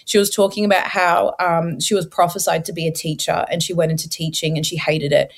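A young woman as an interview guest, telling her faith testimony with animated storytelling and acting out her own past words. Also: lowish voice, a little fast, vocal fry.

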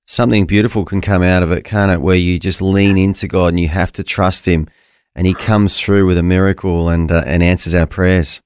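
Deep smooth-voiced man radio co-host. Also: fairly even intonation, fairly quick, darkish tone, no echo. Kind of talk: Christian radio chat.

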